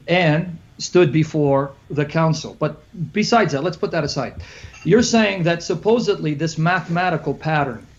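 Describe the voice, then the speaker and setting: A man's voice: fairly high pitch, darkish tone, dull audio. A man giving a heated, sarcastic rebuttal in a debate. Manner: combative, rapid, sarcastic. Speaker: Christian apologist debater.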